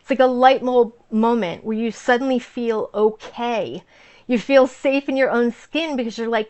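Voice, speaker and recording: Woman in her 40s vlogging about her life, earnest and emotional, kinda high voice, lots of ums and restarts. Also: normal speed, a little mellow. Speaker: vlogger sharing personal stories. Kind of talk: casual personal storytelling.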